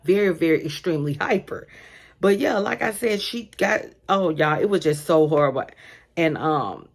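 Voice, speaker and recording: A woman's voice: fairly low pitch, expressive, moderate pace, gravelly. A woman casually telling a story about her daycare workplace, addressing her listeners directly with many asides. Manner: chatty, addresses listeners as y'all, lots of asides.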